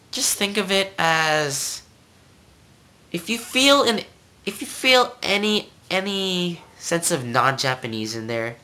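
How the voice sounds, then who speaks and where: This is an amateur tutor talking through a casual lesson at a slow, unhurried pace. The voice is bright and clear, recorded on a simple home mic, and the delivery rambles, restarts phrases and keeps asking "okay?". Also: mid-range voice. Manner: rambling, repeats words and keeps checking in with "okay?".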